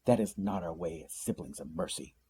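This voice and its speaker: A man voicing a brisk, commanding woman captain with a slight Greek accent in a storybook reading. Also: deep voice, dark tone, slightly rough, voice pushed down. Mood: brisk stern.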